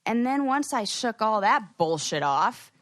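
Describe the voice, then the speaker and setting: A woman co-hosting a podcast in casual chat, excitable and loose, peppering her talk with "like" and casual swearing. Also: a little high, measured pace, no room sound. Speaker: podcast co-host.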